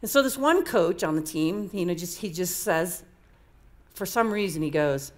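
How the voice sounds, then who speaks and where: A woman coaching speaker tells personal stories to an audience in a candid, conversational way, often repeating herself. Her voice sits on the low side, with lively intonation at a normal speed.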